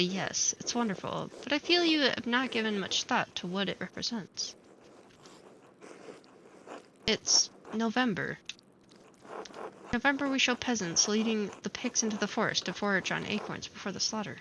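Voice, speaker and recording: Streamer, woman, bright clear voice, reads all game dialogue herself with offhand asides. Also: medium pitch, animated, slight background noise, rough recording. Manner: reads every character's lines in her own voice, with quick asides. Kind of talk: let's play, reading game dialogue aloud.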